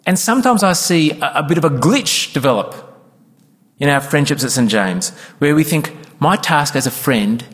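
A man's voice: a little high, animated, normal speed, a bit bright. A man preaching a sermon as pastor, earnest and emphatic, sometimes acting out quoted congregation members. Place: church. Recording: church hall with long reverb.

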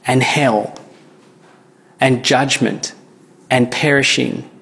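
Give me a gravelly-voiced man in his thirties preaching a sermon in a church. He talks in an earnest, conversational way and often restarts his sentences, with a long reverb trailing his voice through the hall. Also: mid-range voice, fairly even intonation, very slow, a bit bright. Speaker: pastor.

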